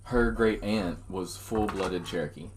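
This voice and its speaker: A man co-hosting a podcast in casual chat, talking in a relaxed, earnest way. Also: low-pitched, measured pace, very noisy. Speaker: podcast co-host.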